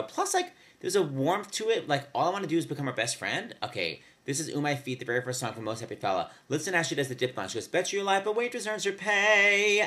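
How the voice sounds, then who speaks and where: A man hosting casual music commentary, gushing and excitable about old show tunes. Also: mid-range voice. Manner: gushing, excitable, sings along. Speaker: host.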